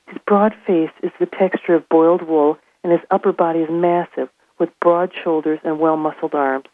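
A woman reading aloud from her own novel in a steady, measured narration. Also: sits low, no room sound. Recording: tinny phone line.

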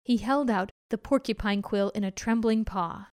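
A woman reading a children's story aloud in a gentle, measured way. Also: mid-range voice, clean tone, no echo, clean studio sound.

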